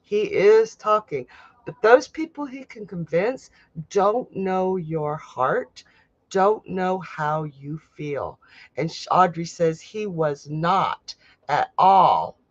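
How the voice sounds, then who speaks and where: A psychic hosting a live stream talks slowly, with a voice that rises and falls a great deal. The delivery is chatty and blunt, with free swearing as the cards are read. The recording is dry and a little dull, like lo-fi stream audio. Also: mid-range voice, expressive, no room sound. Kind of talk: live tarot reading, casual chat.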